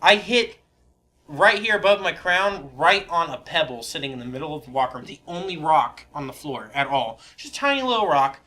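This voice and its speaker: Bright, laughing young man. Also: fairly high pitch, a little fast. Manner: laughing often, animated storytelling. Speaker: podcast co-host. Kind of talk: casual storytelling chat.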